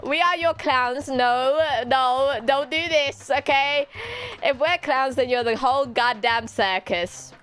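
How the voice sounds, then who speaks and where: A woman's voice: sits high, takes it slowly, faint music behind. Giggly British woman streamer. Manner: giggly, animated, teasing banter with chat. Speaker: VTuber streamer. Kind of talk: casual chat answering viewer questions.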